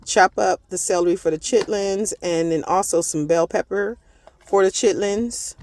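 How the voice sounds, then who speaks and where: A woman's voice: medium pitch, moderate pace, darkish tone. Woman, home-cooking vlogger, folksy chatter, slightly scratchy throat, recorded in a car. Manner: chatty, folksy, addresses viewers as y'all. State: throat irritation, clearing throat. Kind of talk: casual recipe voiceover. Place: parked car on a work break.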